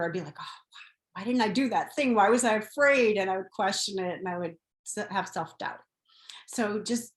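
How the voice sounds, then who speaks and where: A woman hosting a spiritual podcast, telling personal stories in an earnest, gentle way. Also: medium pitch, echoey room. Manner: earnest, gentle storytelling about faith. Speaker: podcast host.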